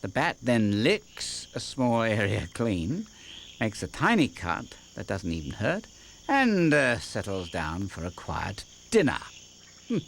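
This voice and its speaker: A man's voice: fairly low pitch, wildly swooping pitch, slow, gravelly, a little hiss or hum. A man narrating a nature documentary for kids in a playful, jokey scripted style with wisecracking asides. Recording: background music with crickets.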